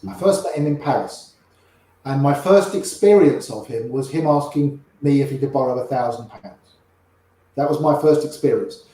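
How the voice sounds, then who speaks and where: An older man, a poker player, telling old stories in an animated way and quoting people in quick little voices. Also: mid-range voice. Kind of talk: anecdotal storytelling. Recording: very echoey room.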